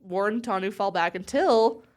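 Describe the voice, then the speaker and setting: A woman in a relaxed book-club podcast chat, mid-pitched and conversational. She reads story passages aloud with lively expression and trades quick remarks with her co-host. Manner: animated reader, puts expression into quoted dialogue.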